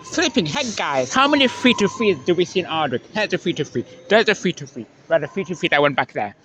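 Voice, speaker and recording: A man filming trains from the trackside, chatting excitedly as they pass and swinging between mumbled asides and excited squeals. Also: a little high, quick pace, background noise. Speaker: trainspotting vlogger. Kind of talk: excited live commentary. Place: outdoors beside a railway line.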